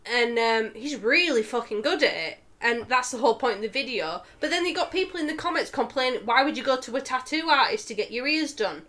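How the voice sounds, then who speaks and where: A woman talks casually on a podcast, her voice sitting a little high. She swears freely and slips into acted-out quotes as she tells stories. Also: expressive, brisk, few pauses, pushed and bright. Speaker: podcast co-host. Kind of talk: casual chat.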